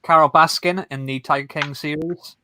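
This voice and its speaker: A livestream co-host chats casually in a group, playful and rambling from one joke to the next. His voice is fairly high and fairly even in intonation, with background noise in the recording.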